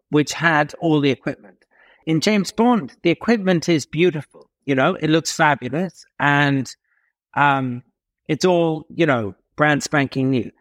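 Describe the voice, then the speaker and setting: Animated English storyteller man, dry sound. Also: dry recording. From England. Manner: animated, dramatic pauses, shifts pitch for emphasis. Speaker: guest, author and storyteller. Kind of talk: interview storytelling.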